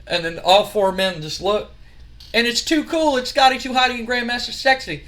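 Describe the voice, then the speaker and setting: A man's voice: high-pitched, steady tone, fairly quick, a bit bright. A man casually recapping a wrestling sim game in a chatty, rambling way. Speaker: game host.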